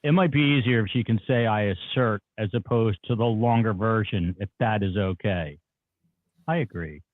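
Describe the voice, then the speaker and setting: A brisk, businesslike male lawyer, read by a man. He comes through a thin, phone-like line. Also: on the low side, dry recording, natural voice. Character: male lawyer representing a witness. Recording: phone-like call audio.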